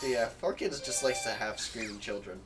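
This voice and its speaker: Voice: mid-range voice, normal speed, fairly bright tone, far from the mic. A person chatting casually while playing a video game, wondering aloud and often saying "like". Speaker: game commentator. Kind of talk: casual let's-play chat. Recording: voice set back from the mic over game music. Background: game music.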